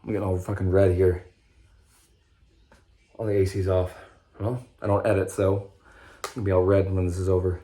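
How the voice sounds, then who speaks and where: A man's voice: low voice, little pitch movement, moderate pace, long pauses, dark tone. A young man talking in a casual, rambling monologue about his own recovery, swearing freely and often breaking off mid-sentence. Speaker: vlogger sharing his recovery story.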